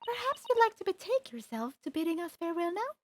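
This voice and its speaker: A woman's voice: extremely high pitch, sing-song, quick pace, noisy background, pitched above the performer's own voice. A woman voicing a prim, formal young lady in a game. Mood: polite.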